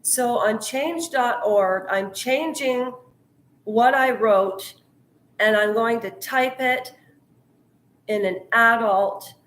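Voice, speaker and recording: A woman's voice: fairly high pitch, slow pace, long pauses, a bit bright. Upset middle-aged woman vlogging, roomy echo. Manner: heated, earnest, talks of her anger. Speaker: YouTuber. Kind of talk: emotional vlog monologue.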